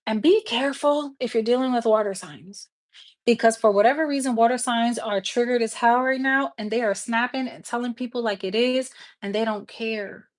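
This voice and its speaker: A woman's voice: on the high side, moderate pace. Frank, encouraging woman tarot reader. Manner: casual, frank, encouraging, swears freely, talks to viewers as "baby". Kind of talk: live tarot reading to viewers.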